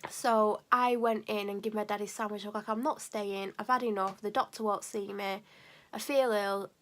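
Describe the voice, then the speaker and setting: A woman's voice: mid-range voice, moderate pace. A young woman tells a story to camera in a casual vlog, rambling and acting out the dialogue. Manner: animated, rambling, acts out quoted dialogue. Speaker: vlogger.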